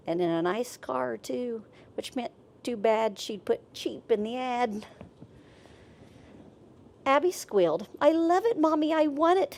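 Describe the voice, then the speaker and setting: A woman reading a literary story aloud for adults with an expressive, wry delivery. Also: medium pitch, creaky.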